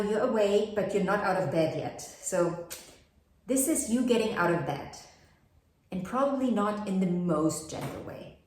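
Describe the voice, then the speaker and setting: Chatting through an informal astrology forecast, this woman poses many rhetorical questions and laughs at herself. Her medium-pitched voice has a darkish tone, and the room is very echoey.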